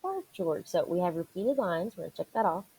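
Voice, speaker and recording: A woman's voice: on the low side, fast talker, gravelly, mellow, husky, poor audio. A woman teacher reading a picture book aloud to children, encouraging them and asking and answering questions as she goes. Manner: encouraging, asks and answers questions for young listeners.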